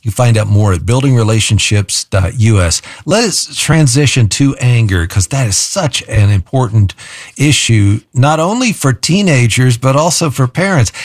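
A man hosting a radio interview, introducing guests and asking questions in a measured, announcer-like way. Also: mid-range voice, no echo, studio quality. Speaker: radio show host.

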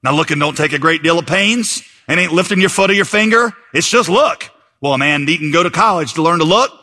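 A man voicing a thin, humble country lay preacher who shouts out his simple message in a drawn-out preaching cadence. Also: a little high, animated, heavily acted. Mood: fervent shouting.

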